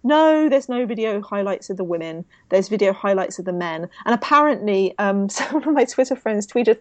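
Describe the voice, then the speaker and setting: A woman's voice: mid-range voice, expressive, normal speed, hardly any pauses, dry recording. A woman with a South East London accent, co-hosting a casual podcast and ranting indignantly. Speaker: podcast co-host.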